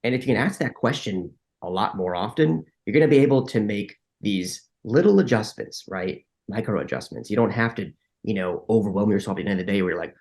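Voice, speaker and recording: A man with a fairly low voice talks through ideas in a relaxed interview. He often restarts his sentences and acts out little bits of inner dialogue along the way. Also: fairly quick, few pauses. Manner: frequent restarts and filler likes. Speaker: podcast guest. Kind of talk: conversational interview.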